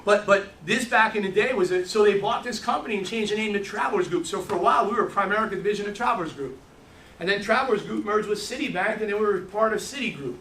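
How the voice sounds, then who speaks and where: Middle-aged man, high bright voice, training talk, echoey room heard from a distance. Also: a little hiss or hum. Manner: fast storytelling with lots of restarts. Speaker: sales trainer.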